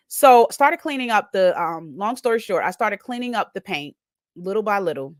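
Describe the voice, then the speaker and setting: A woman hosting a podcast, telling a personal story with a life lesson in an animated way and often asking "right?" of the listener. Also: medium pitch, a little fast, dry recording, clean studio sound. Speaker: podcast host.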